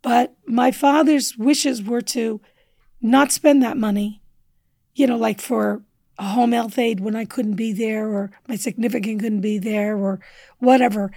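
A woman guest on a podcast telling a personal story with earnest feeling, sometimes dropping to a hushed near-whisper. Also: on the high side, fairly even intonation, measured pace, gravelly, dry recording. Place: indoor studio table.

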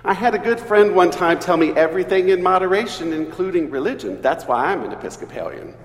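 A man, an Episcopal priest, preaching a sermon in an earnest, measured way. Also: sits high. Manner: slow, earnest preaching with lively emphasis. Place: church. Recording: echoey church hall, distant mic.

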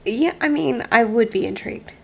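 Lively, playful woman co-host. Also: a little high, normal speed, vocal fry, slight background noise. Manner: playful, reactive banter with jokes. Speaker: podcast co-host. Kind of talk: casual true-crime podcast chat.

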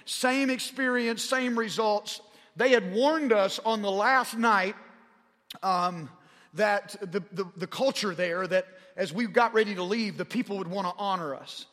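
Man, Southern drawl, forties, preacher, fervent storytelling, high voice. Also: a little slow, a bit bright. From Arkansas. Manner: rising in pitch and volume as he gets fervent. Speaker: pastor. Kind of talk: sermon storytelling. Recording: long hall reverb.

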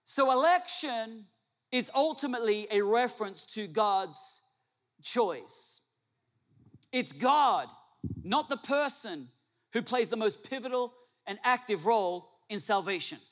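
A man's voice: sits high, expressive, takes it slowly, fairly bright tone, in a large hall. A male pastor preaching a sermon to a congregation, emphatic, repeating his phrases and asking the room questions. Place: church hall with an audience.

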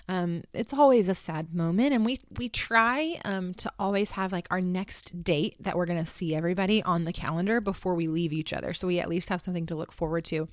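A woman's voice: on the low side, dry recording, clean studio sound. A woman in her thirties, a mother, talking earnestly and reflectively in a conversational way, with many ums and restarts. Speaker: mother telling a family story. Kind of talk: reflective personal talk.

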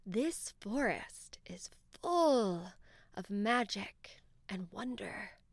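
A woman voicing a wise, kindly old owl in a children's story, speaking softly and slowly. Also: mid-range voice, expressive, no room sound, studio quality, full character voice. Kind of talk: storybook character voice.

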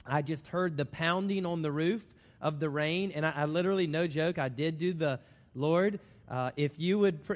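Male preacher, storytelling sermon, slightly high voice, reverberant hall. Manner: storytelling, animated when excited.

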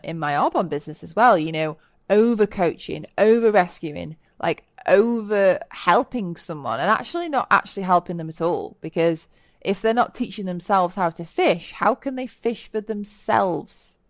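A woman speaks in a lowish voice, recorded close and dry with no room sound. She hosts a solo self-help podcast, earnest and motivational. She acts out remembered lines with bright, lively voices. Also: no room sound. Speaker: podcast host. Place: lives in Bali.

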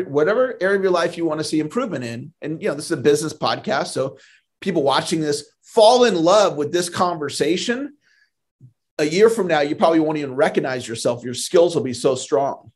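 A man speaking as a sales trainer in a podcast interview, earnest and motivational, often repeating a word as he starts a thought. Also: a little high.

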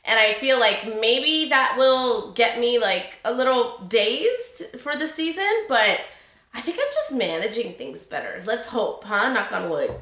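A woman's voice: a little high, a little slow, roomy sound. A young adult woman host telling personal stories in a chatty way, acting out quotes and laughing often. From Sacramento area, California. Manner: animated, acts out quotes, says y'all, laughs often. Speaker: podcast host.

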